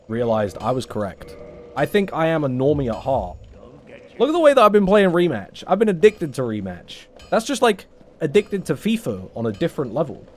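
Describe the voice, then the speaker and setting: A man's voice: medium pitch, a little mellow. A young man streaming a game, chatting casually with his viewers in a rambling, self-mocking way and swearing often. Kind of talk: casual gameplay chat with stream chat.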